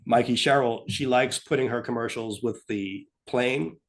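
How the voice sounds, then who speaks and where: Brief: male co-host, animated, mimics voices mid-talk. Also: medium pitch, normal speed. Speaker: podcast co-host. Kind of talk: casual political talk.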